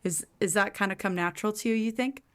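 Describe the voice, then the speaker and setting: Smooth-voiced woman co-host. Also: medium pitch, quick pace, a bit bright. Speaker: podcast co-host. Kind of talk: casual interview chat.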